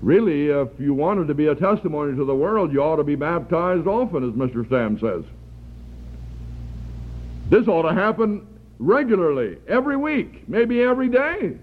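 A man preaching a sermon, earnest and deliberate, lifting his voice for emphasis. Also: on the high side, big pitch swings. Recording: tinny phone-like archival recording.

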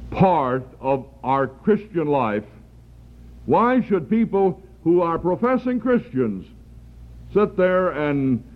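A man preaching a sermon, earnest and deliberate, lifting his voice for emphasis. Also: a little high. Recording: tinny phone-like archival recording.

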